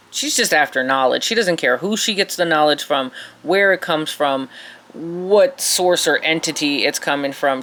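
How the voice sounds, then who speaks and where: A woman's voice: low voice, fairly bright tone. A woman chatting casually as she paints, rambling and self-mocking in her asides. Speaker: painting vlogger. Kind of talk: casual chat while painting.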